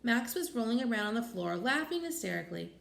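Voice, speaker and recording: A woman reads a children's chapter book aloud with a lively, fairly high voice that rises and falls a lot. The recording sounds roomy and echoey, with faint noise underneath. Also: fast talker, creaky. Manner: expressive. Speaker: storybook reader.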